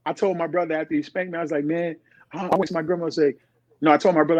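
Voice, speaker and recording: A man's voice: a little high, very fast, no room sound. A middle-aged man, a podcast guest, telling stories in casual talk and acting out the voices of the people in them. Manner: animated, acts out quoted voices. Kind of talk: casual storytelling. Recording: dull, dry sound.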